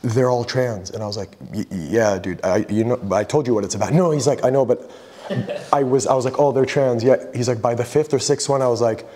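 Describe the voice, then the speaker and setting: A man's voice: mid-range voice, fast talker, a little mellow. Guy talking about his photos at a gallery, loose and chatty, says like a lot, long hall echo behind him. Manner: loose and chatty, full of "like" and retold dialogue. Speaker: photographer giving an artist talk. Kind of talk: casual talk to a gallery audience.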